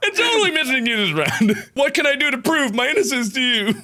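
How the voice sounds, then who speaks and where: A man streaming a multiplayer game with friends, loud and teasing, laughing and yelling often. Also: very high-pitched, big pitch swings, a little fast. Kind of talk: excited multiplayer gaming chatter.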